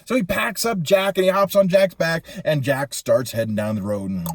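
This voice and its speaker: A man telling a Bible story to children in an animated, playful way. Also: fairly high pitch, normal speed, a little hiss or hum.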